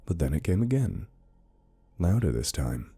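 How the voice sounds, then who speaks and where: An extremely deep, husky male voice tells a horror story, dark and mellow in tone. The pace is slow and measured, the mood brooding, and the scripted delivery never wavers.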